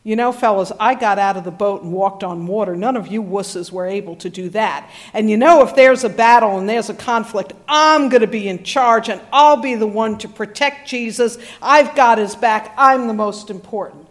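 A woman's voice: mid-range voice, normal speed, hardly any pauses, natural voice. A woman preacher voicing a boastful male disciple bragging that he is the most important. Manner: bragging, swaggering.

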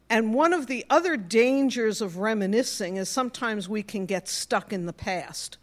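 Speaking at an unhurried pace, a woman pastor with a New York accent gives a sermon. Her voice is a little high, and her storytelling feels warm and personal.

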